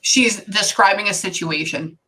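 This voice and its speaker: A woman's voice: mid-range voice, measured pace, breathy edge, low-quality recording. A woman giving a psychic reading, talking in a rambling, casual way with lots of "like" fillers. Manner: rambling, full of "like" fillers, animated. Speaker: psychic medium.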